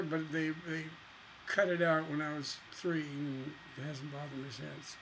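A man with a high voice gives a casual songwriting lesson, cracking jokes and singing lines over his own guitar playing. The recording is rough, with a little hiss or hum.

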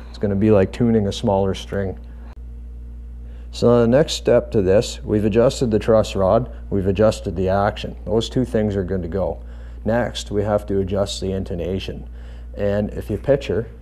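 A man explaining bass guitar adjustments step by step in a calm, methodical tutorial.

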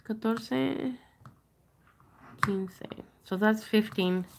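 Woman hosting a casual jewelry sale stream, chatty, mid-pitched with some vocal fry. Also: unhurried, darkish tone, slight background noise. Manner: chatty, rambling, showing items up close. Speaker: online jewelry seller. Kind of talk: casual live-sale chat.

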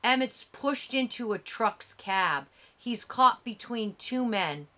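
A woman narrating an audiobook with a measured, dramatic reading. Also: fairly high pitch, animated, bright, forceful tone.

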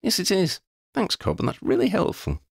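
A man voicing a young witch who leads a group, calm, firm and reassuring. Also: sits high, normal speed, vocal fry, slightly rough, no room sound, clean studio sound, pitched above the performer's own voice, exaggerated voice. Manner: reassuring, decisive.

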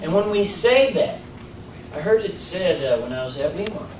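A man giving an informal sermon in a church, talking in a conversational way with many fillers and restarts, rising into animated emphasis. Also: sits high, normal speed, background noise. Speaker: preacher. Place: church sanctuary. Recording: roomy church audio, mic at a distance.

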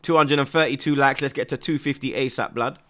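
Reading viewers' comments aloud during a football watchalong stream, this young male host sounds medium-pitched, steady, fairly quick, bright and forceful. His talk is peppered with slang such as "blood" and "you get me."

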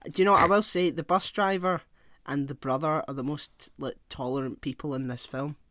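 Male podcast co-host, blunt and sweary, voice sitting a touch high. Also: fairly even intonation, a little fast, a bit bright, no echo, clean studio sound. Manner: blunt, swears freely, trails off with restarts. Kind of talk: casual film chat.

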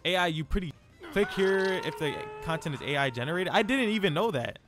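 A young man streaming live gameplay, chatting in an excitable, slangy, self-mocking way. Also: sits high, fairly quick, over music.

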